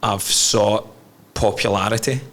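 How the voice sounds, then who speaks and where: A man's voice: fairly low pitch, fairly even intonation, a little slow, a bit bright. Scottish man telling a candid story. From Scotland. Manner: earnest, reflective storytelling with frequent swearing. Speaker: podcast guest. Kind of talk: candid conversation.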